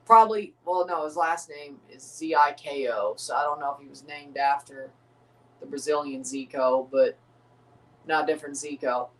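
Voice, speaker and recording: A woman's voice: low voice, moderate pace, recorded from a distance, rough recording. A woman hosting a live watchalong stream, rambling and joking in casual commentary while reading out viewer chat. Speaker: livestream host.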